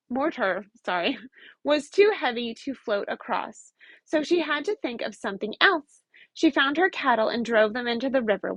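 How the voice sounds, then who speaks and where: A woman reading a folk tale aloud to children in an expressive, lively storytelling manner. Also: fairly high pitch, dry recording.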